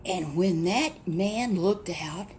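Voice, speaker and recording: A woman casually retelling a Bible story, chatty and animated, with many rhetorical questions. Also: on the low side, takes it slowly, a little hiss or hum.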